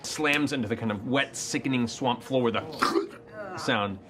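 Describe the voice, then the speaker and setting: A man running a tabletop game as game master, narrating with quick shifts into character voices. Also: mid-range voice, fairly bright tone.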